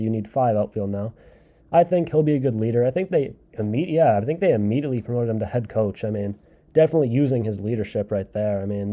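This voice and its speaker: A man's voice: medium pitch, dark tone. A man hosting a casual solo podcast, rambling through his opinions and often repeating and correcting himself. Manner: thinks aloud and hedges his takes. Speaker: podcast host reviewing a game league draft.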